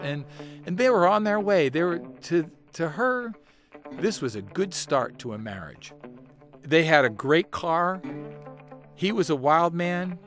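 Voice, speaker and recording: A man telling a first-person story in an animated, wry way. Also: high-pitched.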